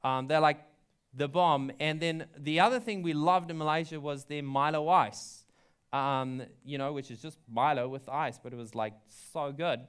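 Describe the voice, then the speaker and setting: A young adult man, a pastor, tells a story during his sermon in a chatty way, packed with ums and likes, and laughs at his own tale. His voice is a little high and a bit bright, clean in tone, at a moderate pace.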